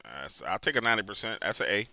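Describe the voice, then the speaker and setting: A man with a New Orleans accent hosting a call-in show, chatting casually, swinging from loud bursts to low mutters. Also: very animated, very fast, creaky.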